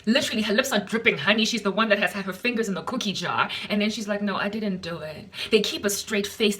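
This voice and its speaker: A woman's voice: medium pitch, a bit bright. A South African woman giving an impassioned, indignant preaching monologue with emphatic repetition. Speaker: Christian vlogger.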